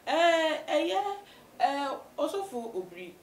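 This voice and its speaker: A woman's voice: high-pitched, very animated, slow. A woman with a Ghanaian accent, interviewing a pastor, mostly offering brief affirmations and echoing his words. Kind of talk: interview questions. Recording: roomy echo, distant mic, faint background noise.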